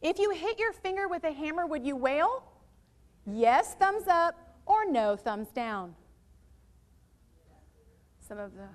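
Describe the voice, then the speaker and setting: Woman workshop presenter, high-pitched, upbeat, draws answers from a live audience of teachers. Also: moderate pace. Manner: lively, quizzes audience with questions. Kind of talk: interactive teacher training workshop. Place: training room with live audience.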